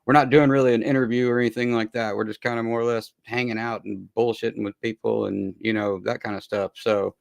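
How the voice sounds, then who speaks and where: A man hosting a laid-back stream, talking loosely with swearing and frequent laughs, with a gravelly voice. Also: medium pitch, little pitch movement, quick pace, few pauses, dry recording. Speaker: stream host. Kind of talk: casual laid-back chat.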